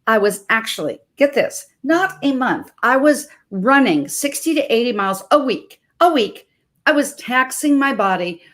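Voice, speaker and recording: A woman in her sixties from Montana, a health coach hosting a live webcast, introducing her guest in an expressive, emphatic storytelling manner. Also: medium pitch. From Montana, USA. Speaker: health coach and show host.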